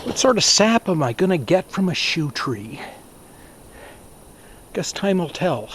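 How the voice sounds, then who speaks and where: A man narrating a casual vlog at his small off-grid cabin, talking slowly and plainly to himself with sighs and asides. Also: on the high side, big pitch swings, a bit bright, slight background noise. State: out of breath. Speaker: cabin owner filming his visit.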